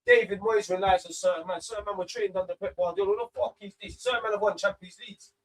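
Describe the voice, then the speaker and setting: A man reacts live to a football match, ranting and swearing in an excitable stream. His voice sits high for a man. The sound is dry and close to the mic, with no room echo. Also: quick pace. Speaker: watch-along host. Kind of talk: live football watch-along commentary.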